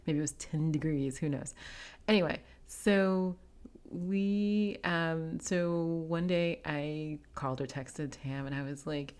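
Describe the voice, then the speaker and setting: A woman's voice: low voice, a little slow, darkish tone. A woman hosting a podcast, chatting casually with many fillers and frequent laughs. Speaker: podcast host. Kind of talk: casual interview chat.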